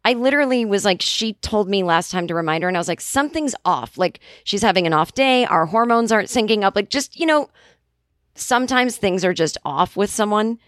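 A woman in her forties tells a rambling story on her podcast. She is casual and animated, acts out both sides of a conversation and swears freely. The sound is close and completely dry. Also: medium pitch, a little fast, no echo. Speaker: podcast host.

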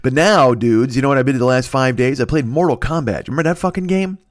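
A man's voice: medium pitch, fast, no echo, clean studio sound. A man in his forties from the United States hosting a comedic solo podcast, rambling and swearing with self-mocking humor. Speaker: podcast host.

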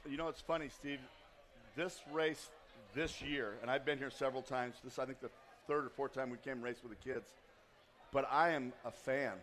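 A man's voice: mid-range voice, fairly even intonation, normal speed. A man being interviewed as a guest, talking about his sons' racing in a joking, earnest way. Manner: joking, then soft and earnest. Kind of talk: casual interview.

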